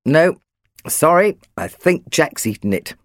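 A woman reading an audiobook voices a family father, gentle and a bit gruff. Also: deep voice, sing-song, measured pace, dry recording, studio quality. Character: patient family dad, briefly cross.

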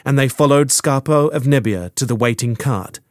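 A man narrating an audiobook in a measured, scripted reading. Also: medium pitch, no room sound, clean studio sound.

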